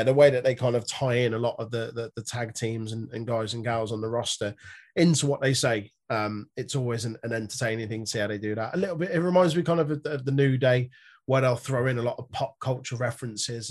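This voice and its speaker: A man co-hosting a podcast, chatting loosely about wrestling with jokes and swearing. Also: mid-range voice. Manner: joking, swears, loose rambling. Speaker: podcast co-host. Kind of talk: casual wrestling recap chat.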